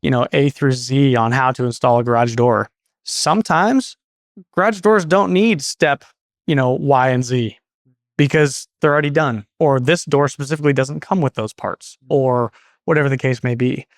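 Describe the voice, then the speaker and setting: A man's voice: medium pitch, moderate pace, no room sound, studio quality. A man in his thirties from Portland, Oregon, a guest on an interview show, telling stories casually, rambling and correcting himself as he goes. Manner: rambling, self-correcting, acts out quoted dialogue. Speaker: guest, garage door business owner.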